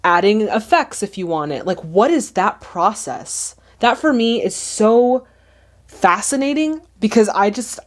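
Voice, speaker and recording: A woman hosts a casual movie reaction, chatting and exclaiming as she watches. Her voice sits at an ordinary middle pitch, and her delivery is lively and talkative. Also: unhurried.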